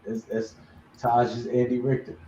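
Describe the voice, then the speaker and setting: Mid-pitched man with wry stream jokes. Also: completely flat delivery, unhurried, warm tone, echoey room, distant mic, dull audio, a little hiss or hum. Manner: wry, joking commentary. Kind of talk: casual banter on a live watch-along stream.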